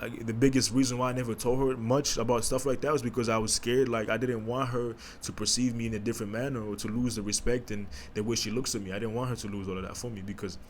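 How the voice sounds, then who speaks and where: A man talks through a raw personal confession on his podcast. He is halting and emotional, keeps restarting his sentences, and slips into casual slang. His pitch sits in a middling range, and faint noise hums in the background. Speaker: podcast host. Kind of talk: candid personal monologue.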